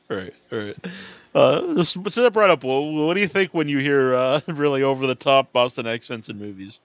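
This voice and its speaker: A podcast host from Massachusetts asks his questions in an easygoing, halting way, often starting over mid-sentence. His voice sits at a middle pitch. The sound is dull and lo-fi, and completely dry. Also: animated, no echo. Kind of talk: casual interview chat.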